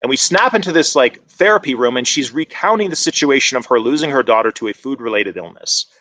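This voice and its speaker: A man presents to an online conference, talking in a loose, conversational way that keeps picking up energy. His pitch sits in an ordinary middle range. The sound is dry and close, with no room around it. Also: fast, dry recording. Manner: conversational and animated, many fillers.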